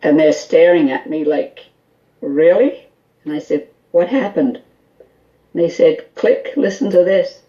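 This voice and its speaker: A woman guest on a call-in radio show, telling an animated story full of quoted dialogue and small laughs. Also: on the low side, a little slow, muffled recording. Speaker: guest, skull interpreter.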